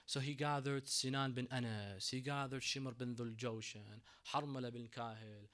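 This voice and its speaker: A man giving a sermon in a mosque, telling a story dramatically, swinging between hushed and raised delivery. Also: medium pitch, fairly even intonation, moderate pace. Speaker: mosque lecturer.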